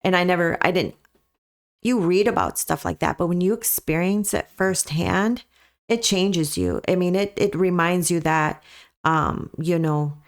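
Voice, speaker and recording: Woman, low pitch, podcast guest, dog breeder, earnest, emphatic storytelling. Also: a little slow. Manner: earnest, emphatic, repeats key points. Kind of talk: conversational storytelling.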